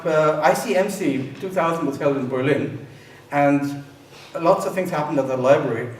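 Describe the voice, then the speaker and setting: A man, a composer, explaining his pieces in a relaxed live lecture, pausing often with fillers. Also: mid-range voice. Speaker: composer presenting his works. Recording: echoey room, voice from a distance, faint noise.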